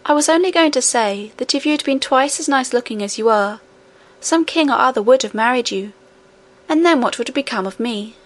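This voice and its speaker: A woman reading aloud voices a gentle, earnest little princess girl in a storybook. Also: sits high, lively intonation, brisk. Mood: coaxing.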